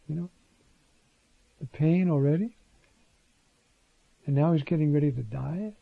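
A man's voice: on the high side, measured pace, creaky, pauses often, no echo. A man teaching scripture in a conversational sermon, with informal asides and restarts, on a dull lo-fi recording.

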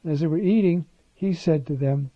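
A man's voice: on the high side, a little fast, no room sound. A man teaching scripture in a conversational sermon, with informal asides and restarts, on a dull lo-fi recording.

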